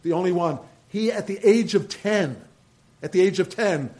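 A man, a pastor preaching a sermon with animated swings between loud emphasis and quiet asides. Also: high voice, normal speed, low-quality recording.

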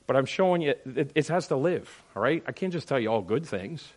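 A middle-aged man preaching a sermon as pastor, animated and emphatic, firing rhetorical questions at the congregation. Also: medium pitch, brisk. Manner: animated preaching, rising to loud emphatic peaks.

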